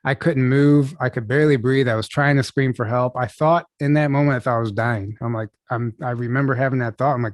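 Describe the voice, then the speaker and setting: A young adult man telling a personal story as an interview guest over a video call, casual and halting, full of restarts and "like". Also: medium pitch, steady tone, no room sound.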